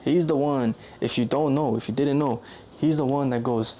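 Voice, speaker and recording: A man's voice: medium pitch, steady tone, fairly quick, warm tone, slight background noise. A young man vlogging in a loose, rambling way, correcting himself often and filling gaps with "like". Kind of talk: casual rambling monologue.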